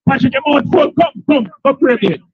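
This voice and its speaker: A man's voice: very high-pitched, lively intonation, normal speed, no room sound, dull audio. A man with a Jamaican accent hosting a live stream from an outdoor street protest, rallying viewers and the crowd. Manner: rallying, repetitive, hypes the crowd. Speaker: livestream host at a protest.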